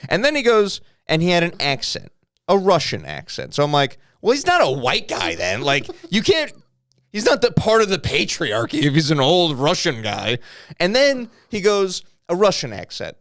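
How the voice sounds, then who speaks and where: A man's voice: sits high, moderate pace, no room sound, clean studio sound. A young man co-hosting a comedy podcast, rambling and swearing in casual banter. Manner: rambling, animated, swears freely. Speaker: podcast co-host.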